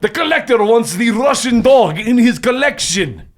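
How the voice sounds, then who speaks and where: A man's voice: extremely high pitch, lively intonation, moderate pace. A man voicing a talking male dog with a heavy put-on accent in a tabletop game. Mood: pleading.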